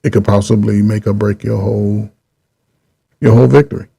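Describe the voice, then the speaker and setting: A middle-aged man hosting his own channel, giving rambling casual commentary, repeating himself with drawn-out pauses. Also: fairly low pitch, steady tone, creaky, dark tone, slightly rough. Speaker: channel host.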